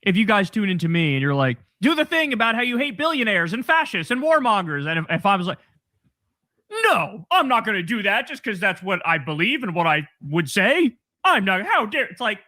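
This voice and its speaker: A man with a high, bright, very lively voice comments with wry amusement. He reads quotes aloud in mock voices. The sound is close and dry. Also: fairly quick, no room sound. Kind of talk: casual commentary.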